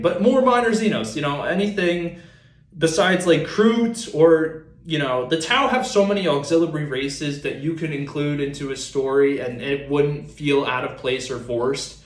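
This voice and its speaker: A man's voice: on the high side, roomy sound. A young man talking casually to camera as a small YouTuber, playful and rambling, making mock demands. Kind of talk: casual comedic rant to camera.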